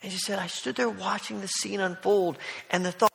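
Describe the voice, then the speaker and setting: Man, pastor, sermon, gentle conversational storytelling, long hall reverb. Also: high voice, steady tone, a little fast, gravelly.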